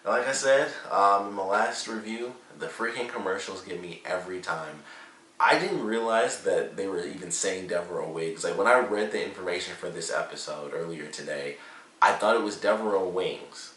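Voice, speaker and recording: Casual male reviewer, deep voice, rambling and amused; recorded off-mic in a roomy space. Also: moderate pace, fairly bright tone, distant mic, slight background noise. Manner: rambling, amused, lots of fillers. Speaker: show reviewer.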